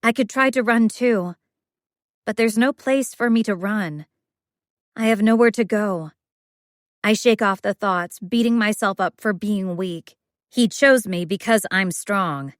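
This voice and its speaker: A woman in a mid-range voice reads a first-person thriller audiobook with a quiet, brooding delivery. The recording is dry, with no room sound around her. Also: mid-range voice, unhurried, no echo. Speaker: audiobook narrator.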